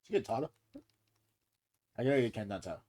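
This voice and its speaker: A man's voice: mid-range voice, lively intonation, moderate pace, dark tone, a little hiss or hum. A man giving casual let's-play commentary, crude and often laughing. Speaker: gaming streamer. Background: game music.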